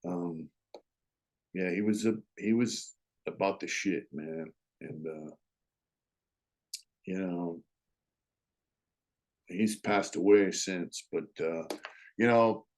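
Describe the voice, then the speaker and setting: A man's voice: deep voice, takes it slowly, long pauses, a little mellow. A middle-aged man casually telling stories from his years in prison, laid-back and full of "you know" and "uh", with blunt street slang and chuckles. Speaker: storyteller, former prisoner. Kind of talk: casual storytelling.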